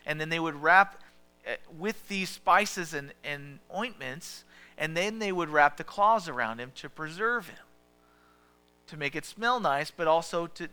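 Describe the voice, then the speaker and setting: A man preaching a sermon as pastor, talking conversationally and asking the listeners questions, often dropping to a soft hush. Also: fairly high pitch, smooth.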